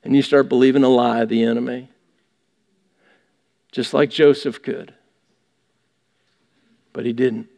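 A man's voice: medium pitch, flat delivery, a little slow, vocal fry, pauses often, mellow, long reverb tail. A man preaching a sermon in a church, pressing his points with rhetorical questions. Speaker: pastor. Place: church sanctuary.

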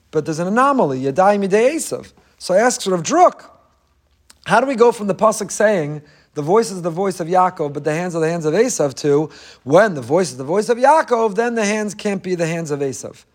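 A man's voice: high-pitched, expressive, moderate pace. A man preaching a passionate, emphatic sermon in English that is full of Hebrew phrases. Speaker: rabbi.

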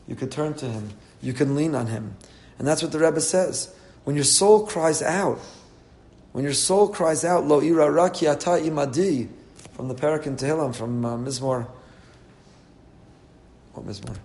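A man's voice: fairly high pitch, moderate pace, long pauses, darkish tone, echoey room. An older man giving an earnest sermon as a rabbi. He mixes in Hebrew and Yiddish terms and builds to impassioned pleading.

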